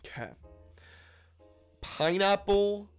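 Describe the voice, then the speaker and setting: Young male host, teasing and playful, slightly high voice, faint music behind. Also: lively intonation, very slow, smooth, no room sound. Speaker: interviewer, channel host. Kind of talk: casual online interview.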